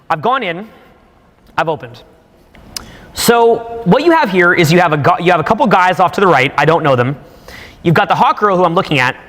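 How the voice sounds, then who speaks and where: A man's voice: high-pitched, a bit bright, in a large hall. A man in his thirties giving emphatic, profane live commentary on video footage for a class of students. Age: 30s. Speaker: dating coach.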